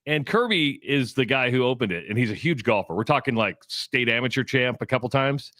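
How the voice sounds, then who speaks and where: A man's voice: mid-range voice, lively intonation, a little fast, fairly bright tone, no room sound, studio quality. A man co-hosting a sports talk radio show, chatting casually and joking at his own expense. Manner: joking and self-deprecating. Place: radio studio.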